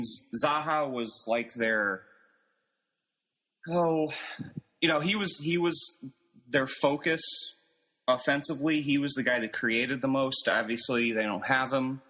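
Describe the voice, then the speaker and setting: A man's voice: mid-range voice, sharp tone, long reverb tail. An American man calling in by video to a podcast, bluntly dismissing others' picks in casual sports banter. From United States. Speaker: podcast panelist. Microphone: video call.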